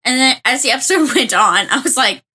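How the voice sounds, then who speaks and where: A woman's voice: high-pitched, expressive, fairly quick, pushed and bright, husky. A woman co-hosting an anime podcast, eagerly recapping episodes in casual chat, often laughing. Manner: enthusiastic, laughs often, acts out characters' lines. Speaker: podcast co-host.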